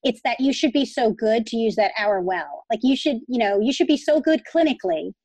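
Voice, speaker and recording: A woman's voice: on the high side, animated, brisk, a little mellow, dry recording, low-quality recording. A woman hosting a podcast, responding supportively and rambling through her points in casual interview chat. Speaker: podcast host. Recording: dry close sound.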